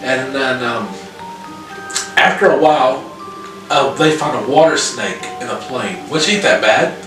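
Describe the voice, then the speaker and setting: A man casually recapping a horror film's plot, profane and animated, with lots of fillers. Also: mid-range voice, measured pace. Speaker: podcast co-host reviewing a horror film. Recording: very echoey room, far from mic, music behind.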